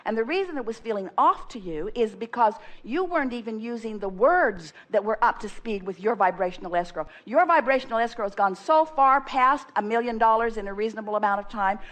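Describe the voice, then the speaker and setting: An emphatic woman with a fairly high voice giving an inspirational seminar talk. She speaks of herself as "we" and acts out affirmations in the first person, building energy as she goes. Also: lively intonation, a little fast, few pauses, a bit bright.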